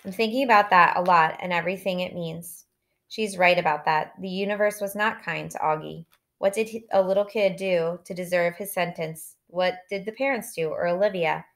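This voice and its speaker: A woman's voice: lowish voice, moderate pace. Woman narrating an audiobook, reflective. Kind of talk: first-person audiobook narration.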